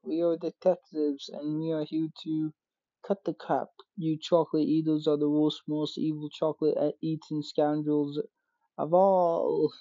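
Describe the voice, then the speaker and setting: A gaming YouTuber reading out game dialogue for many characters in quick succession, sometimes exclaiming. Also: mid-range voice, flat delivery, warm tone, dry recording, highs cut off. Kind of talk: game playthrough with read-aloud dialogue.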